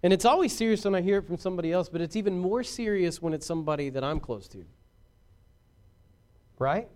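A man preaching a sermon as pastor, swinging from shouted points to hushed asides and talking directly to his congregation. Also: sits high, lively intonation, brisk, clear, resonant tone.

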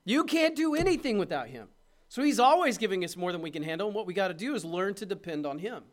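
Preacher, middle-aged man, high voice, impassioned sermon delivery that swings loud to soft. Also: very animated, fast. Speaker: pastor.

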